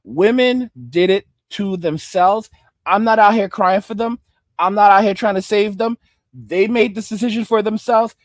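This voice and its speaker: A man's voice: sits high, moderate pace, dry recording, clean studio sound. Blunt, emphatic male commentator. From Arizona. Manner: emphatic and blunt, keeps tagging "all right?". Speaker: online commentator. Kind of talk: reaction commentary.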